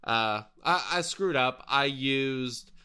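Male podcast host, unhurried, clear smooth voice, rambling casual chat. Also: mid-range voice. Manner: relaxed, rambling with fillers.

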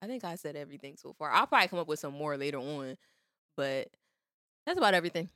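A woman's voice: low-pitched, animated, quick pace, sharp tone, clean tone, no echo, studio quality. A young woman co-hosting a podcast, chatting candidly and laughing often. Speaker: podcast co-host. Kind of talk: casual chat.

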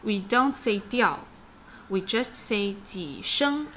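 Brief: female language teacher, unhurried and patient, light room hum. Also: medium pitch, animated, fairly bright tone. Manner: patient, explains slowly, laughs easily. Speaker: Chinese teacher. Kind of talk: bilingual language lesson.

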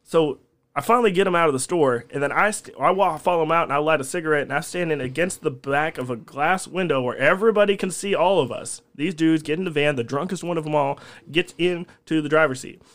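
A man, a podcast guest telling a long story in casual chat, animated and profane. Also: on the high side, fast. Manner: animated, profane storyteller who laughs at his own tales.

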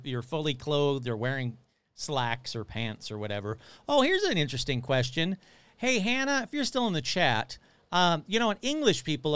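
A man's voice: on the high side, fairly bright tone, clear, resonant tone, no echo. A man hosting a casual live stream, chatting loosely, swearing and answering viewers' comments as he reads them. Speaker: livestream host.

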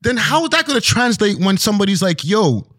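Guy on a podcast, high voice, gets loud and emphatic, dry mic. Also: fast, no room sound. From Toronto, Canada. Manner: emphatic, animated, slangy storytelling. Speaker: podcast guest. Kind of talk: casual podcast conversation.

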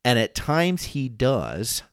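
A man's voice: mid-range voice, wildly swooping pitch, takes it slowly, clean tone, dry recording, clean studio sound. A man co-hosting a casual Bible discussion podcast, reasoning through scripture with self-deprecating asides. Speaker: podcast co-host.

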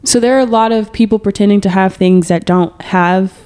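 A woman hosting a podcast in relaxed, casual conversation. Her voice is warm and mellow, and she talks candidly and chattily, with plenty of slang. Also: medium pitch, fairly quick, clear, resonant tone. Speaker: podcast host. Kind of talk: casual chat.

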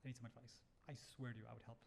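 A man's voice: mid-range voice, little pitch movement, very fast, creaky, darkish tone. A man, a startup founder, telling a story in casual chat, acting out quotes and swearing freely. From Bahrain.

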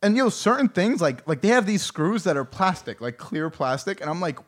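A young man talks in a slightly high register, co-hosting a loose podcast chat. He swears freely, and he ranks and riffs with an animated, laughing energy. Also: normal speed. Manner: animated, profane, laughs often. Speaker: podcast co-host. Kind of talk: casual chat.

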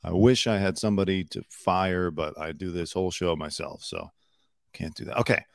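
A man's voice: low voice, fairly even intonation, normal speed, gravelly, dry recording, studio quality. A man hosting his own commentary show, talking in a chatty, opinionated way with lots of fillers. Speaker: host. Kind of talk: solo news commentary show. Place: home studio in Los Angeles.

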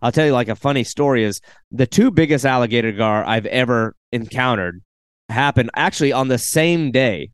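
Relaxed host, plain-spoken, mid-pitched, recorded dry and close. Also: male voice, moderate pace, clean tone, no echo. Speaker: podcast host. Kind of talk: casual podcast chat.

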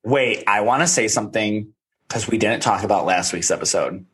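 A man with a fairly low voice co-hosts a recap podcast. He talks in loose, rambling casual chat, full of fillers and the odd swear word. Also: normal speed, fairly bright tone, breathy edge. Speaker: podcast co-host.

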